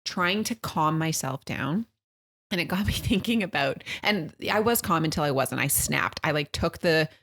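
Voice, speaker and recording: Low-voiced woman telling a family story. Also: moderate pace. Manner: animated storytelling, acts out her kids' and her own quotes. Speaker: podcast co-host. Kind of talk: casual chat.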